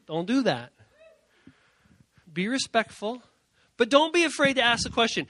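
A man giving an energetic youth sermon, animated, repeating his key points and acting out quoted voices. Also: sits high, normal speed, no echo. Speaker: youth speaker.

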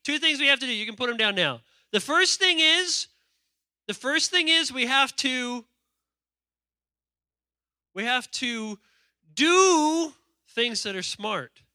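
A man preaching a lively sermon, reading scripture aloud with playful asides and calling on the congregation to respond. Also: extremely high pitch, measured pace, pauses often, clean tone, no echo, clean studio sound. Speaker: pastor.

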